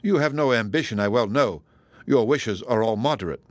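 A man's voice: medium pitch, moderate pace, no echo, clean studio sound, natural voice. A man voicing an ardent, earnest young woman in an audiobook reading, speaking with impassioned emphasis.

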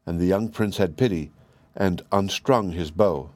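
Low-voiced man reading a fairy tale. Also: measured pace, darkish tone, dry recording. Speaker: narrator. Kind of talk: storybook reading.

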